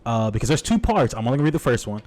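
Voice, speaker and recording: A man hosting a podcast, chatting casually and then reading his own poem aloud, halting and earnest with many restarts. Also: mid-range voice, very animated, a little mellow. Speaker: podcast host.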